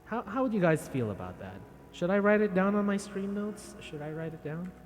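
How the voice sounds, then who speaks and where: A man's voice: sits high, animated, a little fast. A man chatting casually with viewers on a live stream, rambling and self-deprecating. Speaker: VTuber streamer.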